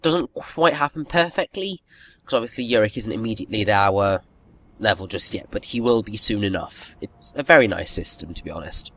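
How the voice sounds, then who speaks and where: This gaming video host has a lowish, fairly bright voice and speaks animatedly and a bit quickly, with slight background noise and game music behind him. His play-along commentary is loose and rambling, full of false starts and jokes at his own expense.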